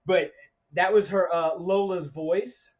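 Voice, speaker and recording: A man's voice: high voice, steady tone, slow, muffled recording. A man co-hosting a podcast in casual chat, rambling and laughing between stories. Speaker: podcast co-host.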